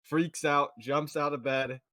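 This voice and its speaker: A man's voice: on the high side, fairly even intonation, unhurried, pushed and bright, no echo. A man co-hosting a podcast, retelling a TV episode in loose, rambling casual chat. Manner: loose and rambling, retelling scenes with quoted voices. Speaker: podcast co-host.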